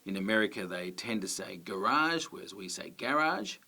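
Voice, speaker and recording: Australian male teacher, lower voice, clear and emphatic delivery to camera. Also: level tone, fast, fairly bright tone. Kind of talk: explaining to camera.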